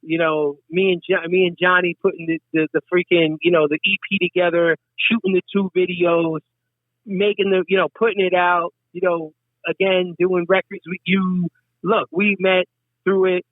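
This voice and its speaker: A man's voice: high voice, normal speed, no echo. A middle-aged man telling stories in casual chat, swearing freely and acting out what others said. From Westchester, New York. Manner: profane, animated, acts out quotes. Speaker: guest, hip hop artist. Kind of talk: casual storytelling. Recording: dry tinny phone-like sound.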